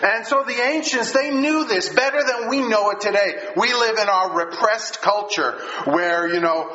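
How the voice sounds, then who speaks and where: A man preaching a sermon in an earnest, emphatic way, repeating phrases and pausing for effect. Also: high voice, pushed and bright. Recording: echoey room, dull lo-fi sound with faint hiss.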